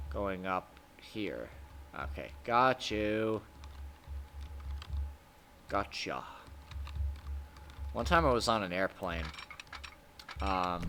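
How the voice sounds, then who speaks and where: A man's voice: lowish voice, noisy background. A man giving casual gameplay commentary as a streamer, rambling and swearing with chuckling asides.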